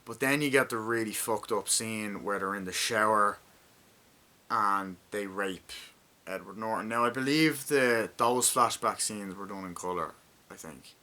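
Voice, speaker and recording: A man's voice: on the low side, a little slow, sharp tone. A young man in his twenties giving a rambling, profanity-heavy casual movie review and acting out lines from the film. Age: 20s.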